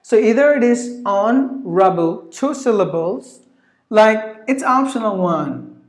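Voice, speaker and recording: A woman's voice: fairly high pitch, animated. Echoey woman teaching pronunciation. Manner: repeats words slowly, spells out letters. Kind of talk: pronunciation lesson. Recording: echoey room.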